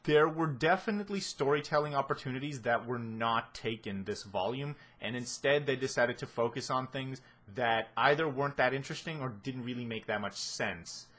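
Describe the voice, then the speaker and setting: A man's voice: medium pitch, normal speed, few pauses, a bit bright. A man giving a casual spoken analysis of a series, rambling with many restarts and fillers and a sardonic edge. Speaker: video essayist.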